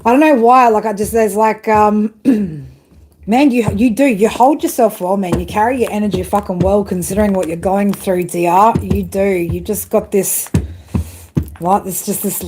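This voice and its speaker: A woman's voice: mid-range voice, moderate pace, noisy background. A woman doing a live-stream tarot reading, ranting bluntly with heavy swearing and chatting to viewers. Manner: blunt, heavily profane ranting. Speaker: tarot reader.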